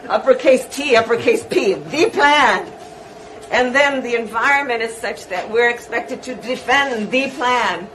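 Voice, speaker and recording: A woman politician in a played clip, speaking emphatically and slowly. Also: on the high side, fairly bright tone, a little hiss or hum, rough recording. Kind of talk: public speech clip.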